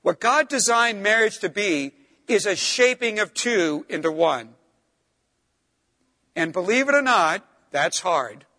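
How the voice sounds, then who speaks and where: A middle-aged man preaching a sermon, emphatic, pushing up on stressed words and dropping low and soft for asides. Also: lively intonation, slow, big-room sound.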